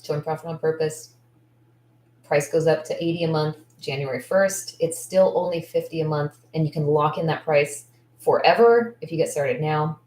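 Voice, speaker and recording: A woman coach talks straight to her viewers in a loose, rambling way, candid and gushing with thanks, full of likes and restarts. Her voice sits a little low for a woman. The sound bounces around an echoey room. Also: normal speed, darkish tone. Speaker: esthetician business coach. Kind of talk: casual livestream chat.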